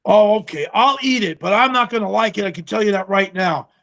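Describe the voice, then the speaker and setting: Guy with a raspy high-ish voice, chatty interview guest, acts out all the back-and-forth, swears a bit. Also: fairly quick. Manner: animated storyteller who acts out quoted dialogue, salty language. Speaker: guest, pickle company co-founder. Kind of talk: casual storytelling interview.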